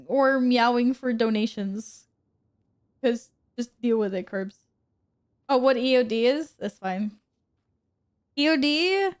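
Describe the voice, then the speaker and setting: Bubbly high-voiced woman streaming a game. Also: smooth. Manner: bubbly, giggly, talks to chat. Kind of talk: casual live-stream chat.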